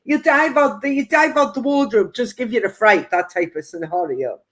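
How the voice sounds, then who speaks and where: A woman's voice: on the high side, animated, normal speed, fairly bright tone. A woman working as a spiritual medium, giving a chatty live-stream psychic reading and passing on spirit messages with playful quoted asides.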